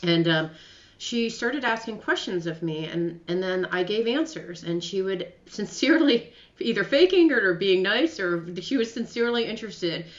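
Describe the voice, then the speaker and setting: A woman's voice: mid-range voice, lively intonation, moderate pace. A woman hosting a radio show, interviewing a guest in an effusive, emotional way and laughing while she talks. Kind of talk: interview, casual chat. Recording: roomy, slightly dull sound.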